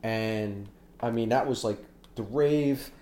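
A man chatting casually about movies as a podcast co-host, telling stories with lively acted-out reactions. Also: lowish voice, slow. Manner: animated storyteller, acts out reactions loudly. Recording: roomy echo.

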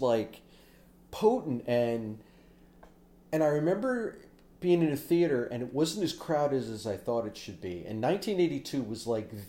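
A man chatting casually about movies as a podcast co-host, telling stories with lively acted-out reactions. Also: medium pitch. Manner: animated storyteller, acts out reactions loudly. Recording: roomy echo.

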